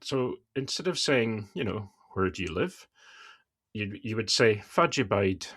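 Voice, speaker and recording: A man's voice: on the low side, expressive, unhurried, fairly bright tone, husky. A man with a mild Scottish accent, co-hosting a podcast in a casual chat, speaking in a mild-mannered way with frequent hesitations and restarts. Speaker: podcast co-host, principal analyst.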